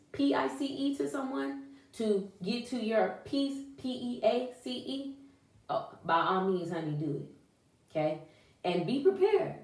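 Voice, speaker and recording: A woman with a fairly low voice gives a casual, encouraging vlog talk. She speaks in an animated, folksy way and sprinkles in churchy exclamations. The sound is roomy and echoey, with her voice a little distant from the microphone. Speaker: vlogger. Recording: echoey room, voice away from mic.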